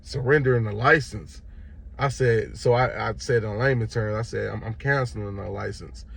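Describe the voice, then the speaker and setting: Speaking at a moderate pace in a lowish, gravelly voice, this young Chicago man animatedly retells a story for his viewers. He performs the other people's voices as he goes.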